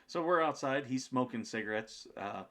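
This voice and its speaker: A man, a podcast guest, telling a story in a casual, animated way, acting out the people in it, with plenty of fillers. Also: medium pitch, normal speed. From United States.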